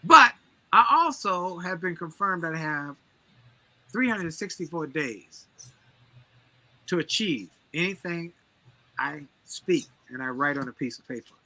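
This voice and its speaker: Emphatic man in bright, preacher-like motivational flow. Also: on the high side, lively intonation, a little slow, long pauses. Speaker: motivational speaker guest. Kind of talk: energetic motivational storytelling.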